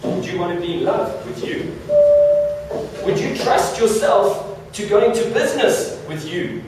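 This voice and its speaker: A man's voice: high voice, expressive, unhurried, heavy background noise. A man giving a playful motivational talk to a live audience, joking and stumbling over repeated words. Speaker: motivational speaker. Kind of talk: stage talk with audience interaction. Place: large hall before an audience. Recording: echoey hall, mic far off.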